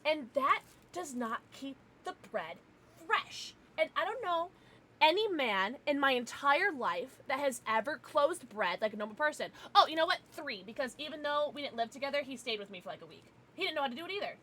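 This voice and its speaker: A young American woman streaming casually, chatting with viewers in an animated, ranting way and laughing often. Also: high-pitched, a little fast. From United States. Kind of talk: casual livestream chat with viewers.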